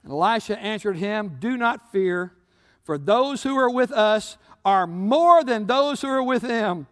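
High-voiced preacher in a reverberant hall. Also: male voice, lively intonation, unhurried. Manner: preaching, swinging between loud peaks and hushed low passages; retells scripture stories with acted quotes. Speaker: pastor. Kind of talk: sermon.

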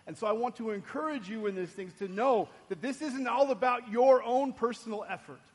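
A man preaching a sermon, dropping soft and low and then rising loud and emphatic. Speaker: pastor. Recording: long hall reverb.

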